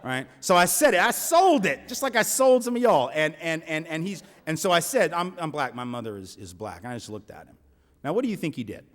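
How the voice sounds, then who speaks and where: A man's voice: high voice, big pitch swings, a little fast. A man speaking to a live audience at a college event, telling a story conversationally, with frequent restarts and "right?" asides. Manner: conversational, many restarts and tag questions. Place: large lecture hall. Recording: echoey hall reverb.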